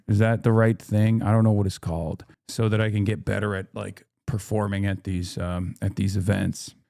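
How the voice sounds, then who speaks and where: A man's voice: fairly low pitch, vocal fry, darkish tone, no room sound, studio quality. A man in his thirties talking casually on a live stream, rambling with restarts and fillers and reading viewer comments aloud.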